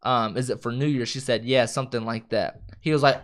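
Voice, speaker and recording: A man's voice: mid-range voice, a little fast, clear, resonant tone. A man co-hosting a casual film review chat, retelling scenes with acted-out quotes, swearing and laughing often. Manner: animated retelling, acts out quoted lines.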